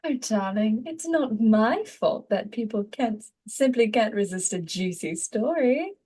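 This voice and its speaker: A woman's voice: on the high side, expressive, a little slow, warm tone, slightly rough. A woman voicing a purring gossip reporter. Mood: smug. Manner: theatrical, purring, self-satisfied. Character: smug, gossiping female society reporter. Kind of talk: voice acting practice read.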